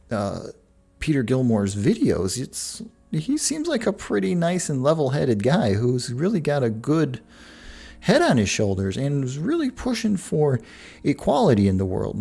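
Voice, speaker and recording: A man's voice: mid-range voice, vocal fry, mellow, husky. A man hosting a podcast, talking in a rambling, digressive way with frequent restarts. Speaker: podcast host. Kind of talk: casual monologue.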